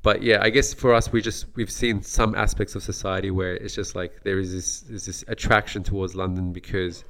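A man's voice: sits low, steady tone, normal speed, hardly any pauses, fairly bright tone. A young Australian man from Western Sydney, co-hosting a casual podcast chat, blunt and opinionated. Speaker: podcast co-host.

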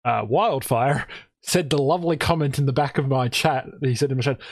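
Animated storytelling man, dry close sound. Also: moderate pace, dry recording. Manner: animated storyteller, jumps into high excited voices when quoting himself. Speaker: podcast host and streamer. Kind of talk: casual chat.

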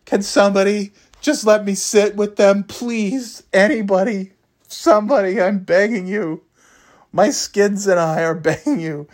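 Dude doing a whiny scared little kid voice, begging and freaking out, pitched way up. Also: male voice, measured pace. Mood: pleading. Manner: pleading, whiny. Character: whiny, panicked young schoolboy, anxious.

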